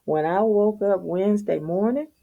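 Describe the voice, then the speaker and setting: A woman's voice: mid-range voice, normal speed, creaky, warm tone, lo-fi sound. A middle-aged woman, telling viewers a casual, profane story and laughing often. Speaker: vlogger.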